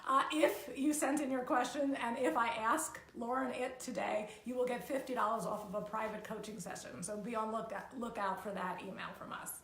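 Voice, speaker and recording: A woman's voice: a little high, steady tone, moderate pace, few pauses, a bit bright, echoey room, a little hiss or hum. A woman hosting a live-stream coaching show, upbeat as she reads out listener questions. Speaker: host and coach.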